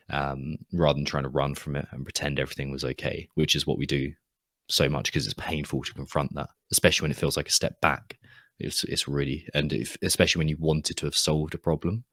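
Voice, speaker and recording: Very deep-voiced reflective man. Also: fairly bright tone, dry recording, studio quality. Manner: reflective, earnest, swears casually. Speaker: guest, coach. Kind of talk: casual podcast conversation.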